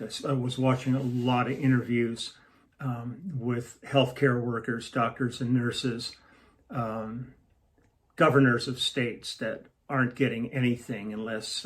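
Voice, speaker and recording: A musician hosting a casual home livestream, rambling and breaking off mid-thought before telling a joke. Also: male voice, medium pitch. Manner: rambling, self-interrupting storyteller. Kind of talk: casual chat to camera.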